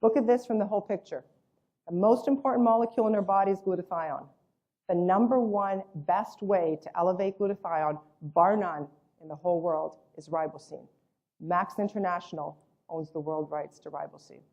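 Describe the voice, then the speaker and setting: A woman with a lowish, slightly mellow voice gives a sales presentation for a network marketing business and its products, speaking at a moderate pace. She's emphatic, repeats superlatives, and acts out quoted voices like a storyteller, recorded with lo-fi sound.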